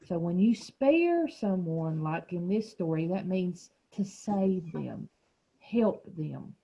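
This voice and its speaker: A woman's voice: fairly low pitch, animated, slow, gravelly, mellow, husky, rough recording. A woman teacher leading a small reading group over a video call, asking questions and explaining words patiently.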